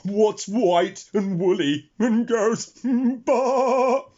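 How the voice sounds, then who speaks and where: A man's voice: sits high, steady tone, very slow, dark tone, pitched above the performer's own voice, exaggerated voice. Man doing a rude, scornful pig. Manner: scornful, haughty. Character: rude boastful clever pig. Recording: dull lo-fi recording.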